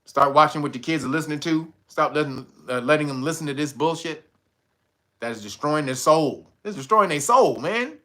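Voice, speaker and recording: A man hosting a livestream who comments on the news with a bright, ringing tone. He swears freely, mocks what he reads, laughs often, and talks straight to his chat. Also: a little high, lively intonation, moderate pace. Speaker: channel host.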